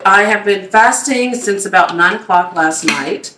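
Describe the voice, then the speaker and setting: A woman's voice: medium pitch, a little slow, sharp tone, a little hiss or hum. A woman hosting a casual cooking demo, chatty and upbeat, talking straight to her viewers. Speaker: cooking video host. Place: home kitchen. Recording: echoey room, mic at a distance.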